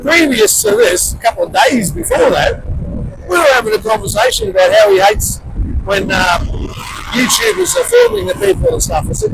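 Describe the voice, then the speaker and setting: A man with an Australian accent telling a rambling story to camera as a vlogger, with loud emphatic bursts. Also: very high-pitched, wildly swooping pitch, moderate pace, creaky. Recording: street noise and traffic behind.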